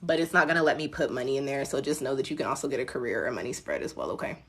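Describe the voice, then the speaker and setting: A woman's voice: a bass voice, very fast. Laid-back woman chatting on a live stream. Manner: relaxed, chatty, laughs at herself, addresses viewers as y'all. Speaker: tarot reader. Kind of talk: casual live-stream chat.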